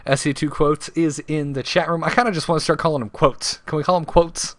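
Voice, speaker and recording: A man's voice: fairly high pitch, fairly even intonation, fairly quick, few pauses, dry recording, studio quality. A man co-hosting a casual live podcast, running a trivia segment and reading quotes with playful emphasis.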